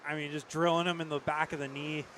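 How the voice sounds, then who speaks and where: Relaxed hockey color commentator man. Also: on the high side, fast talker, slight background noise. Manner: relaxed analysis of plays.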